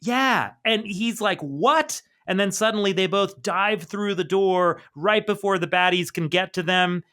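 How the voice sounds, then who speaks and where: A man co-hosting a podcast, excitedly retelling a comic book and laughing often. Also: high voice, moderate pace, few pauses, smooth. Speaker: podcast co-host. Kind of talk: casual comic-book discussion.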